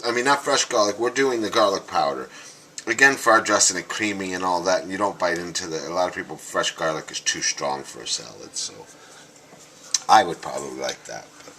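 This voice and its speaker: In his home kitchen, a man with a deep, fairly quick, pushed and bright voice demonstrates a home recipe, talking as he works. He chats casually, calling viewers "guys" and restarting often, amid noisy clatter of dishes, cutlery and stirring.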